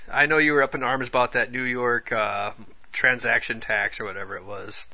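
A man's voice: mid-range voice, fairly even intonation, moderate pace, pushed and bright. A man hosting a casual talk show, easygoing, steering to the next topic with fillers. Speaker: podcast host. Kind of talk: casual chat.

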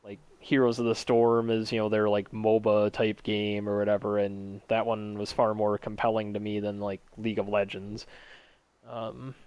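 A man with a fairly low voice chats casually about games in a relaxed, rambling way. His talk is full of fillers. The sound is dry and close, with no room echo. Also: normal speed, clear, resonant tone, dull audio.

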